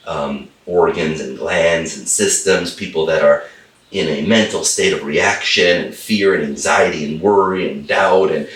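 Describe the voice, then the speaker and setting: A middle-aged holistic chiropractor, appearing as a guest in a conversation, tells an animated story with enthusiasm, repeating phrases for emphasis. He has a low voice with a fairly bright tone, and he sits far from the mic in an echoey room.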